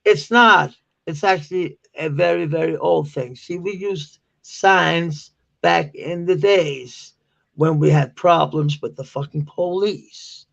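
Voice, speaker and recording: A Danish-native man in his forties chats casually on a live stream with a high, gravelly voice and an unhurried pace. He laughs and swears freely and mocks slang in loud, squeaky quotes. The stream audio is dull and lo-fi. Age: 40s.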